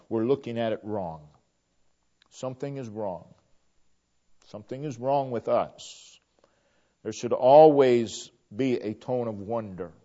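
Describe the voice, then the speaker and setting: Slow, earnest preacher man, lo-fi sound. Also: mid-range voice, warm tone. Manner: earnest, repeats phrases, stammering restarts. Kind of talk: sermon. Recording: dull lo-fi recording.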